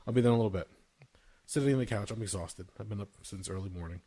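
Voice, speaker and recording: A man's voice: fairly low pitch, racing, dark tone, breathy edge. A man in his thirties hosting a podcast, telling casual stories, swearing freely and laughing through them. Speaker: podcast host. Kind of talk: casual storytelling chat.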